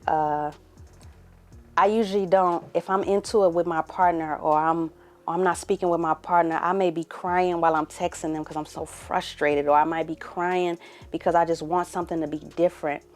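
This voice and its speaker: A young adult woman hosting her own podcast, talking candidly to the camera and sometimes dropping to a hushed murmur. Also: lowish voice, steady tone, normal speed. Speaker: podcast host. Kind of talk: casual emotional monologue to camera.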